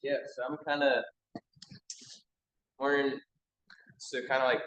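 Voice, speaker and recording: A young man in the audience asking a halting question, full of "like" and "um". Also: medium pitch, level tone, a bit bright, dull audio.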